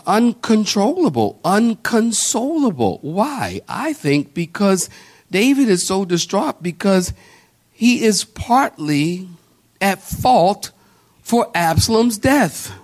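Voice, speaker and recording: Man, pastor, high-ish voice, sermon, repeats for emphasis, calls to the congregation. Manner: preaching with rising emphasis and repetition, calling on the congregation.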